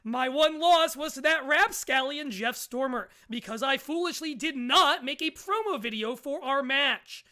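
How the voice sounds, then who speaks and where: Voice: sits high, measured pace, hardly any pauses, sharp tone. A co-host putting on an over-the-top news reporter voice to read a boastful, mock-menacing promo. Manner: announcer delivery, grandiose and mock-menacing.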